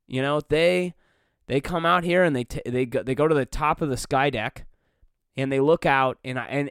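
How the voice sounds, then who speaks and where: Rambling wry man, smooth close voice. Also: a little high, no room sound. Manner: rambling, wry, full of fillers and restarts. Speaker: podcast host. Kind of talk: rambling solo podcast monologue. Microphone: close studio mic.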